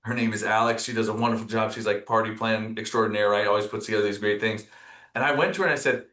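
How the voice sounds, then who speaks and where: A man's voice: fairly low pitch, fast talker. Reflective man in an echoey room. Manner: reflective, storytelling, animated when quoting others. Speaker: podcast guest, company executive. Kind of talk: casual conversational interview.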